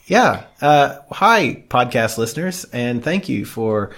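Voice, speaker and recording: A man's voice: mid-range voice, very animated, slow pace, fairly bright tone. A middle-aged man from Australia co-hosting a podcast in casual chat, joking, swearing and poking fun at himself. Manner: joking, swearing, self-mocking. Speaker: podcast co-host.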